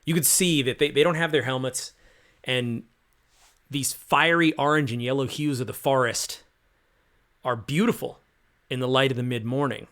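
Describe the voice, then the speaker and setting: A man's voice: medium pitch, fairly even intonation, normal speed, long pauses, a bit bright. Casual male game master narrating scenes. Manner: casual, cinematic scene-setting with fillers.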